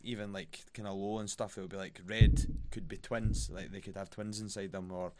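A man's voice: on the low side, flat delivery, brisk, heavy background noise. A young Scottish man chatting on a podcast, telling stories with lots of laughs. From Scotland. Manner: laughs often, storytelling with quoted voices. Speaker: guest fighter. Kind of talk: casual podcast chat.

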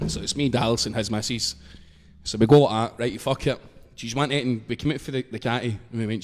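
A man's voice: mid-range voice, steady tone, a little fast, a little hiss or hum. A young Scottish man telling a story in casual chat, sweary and laughing as he goes. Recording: long reverb.

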